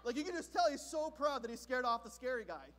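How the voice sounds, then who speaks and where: Man with a very high voice preaching. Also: fast. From Southern California. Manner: animated comic storytelling. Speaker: pastor. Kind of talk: sermon.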